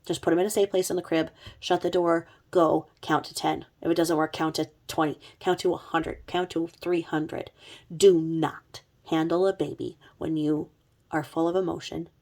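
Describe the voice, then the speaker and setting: Brief: a middle-aged woman, chatty and sarcastic, with a gravelly, low voice, telling true crime. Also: little pitch movement, normal speed, darkish tone. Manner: chatty, sarcastic, with blunt asides. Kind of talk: casual vlog narration.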